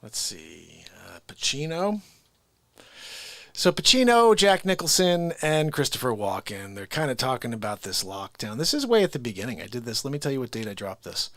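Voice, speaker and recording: A man's voice: medium pitch, sing-song, normal speed, dry recording, clean studio sound. A man hosting a casual livestream, chatting directly to viewers about his impressions.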